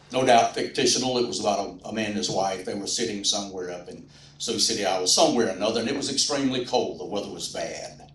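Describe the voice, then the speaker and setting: A man's voice: low voice, fairly bright tone, slight background noise. A man giving a folksy, humorous rally speech, telling an anecdote to a crowd. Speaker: speaker at a political rally. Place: indoor rally venue. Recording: roomy, distant mic at a rally.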